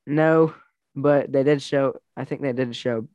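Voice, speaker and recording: A man's voice: mid-range voice, steady tone, measured pace, darkish tone, no room sound. A young man casually chatting and telling rambling, laughing stories, full of fillers and restarts. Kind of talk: casual chat.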